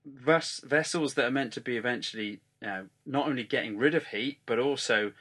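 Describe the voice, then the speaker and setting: Man, casual cycling chat, firm explainer, mid-pitched voice. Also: fairly quick, a bit bright, slightly rough. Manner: explains firmly, teasing asides.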